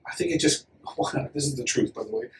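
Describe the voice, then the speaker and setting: A man's voice: medium pitch, a little fast. A man from West Wales, chatting freely as a podcast guest and telling stories. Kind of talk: casual chat. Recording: slightly distant mic, faint room noise.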